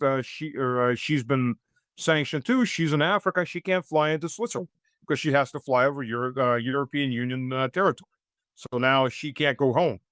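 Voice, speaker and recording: A man's voice: a little high, no room sound, clean studio sound. A man raised in the United States, a guest giving political commentary in an interview, talking in long rambling runs full of fillers and restarts, with a sarcastic edge.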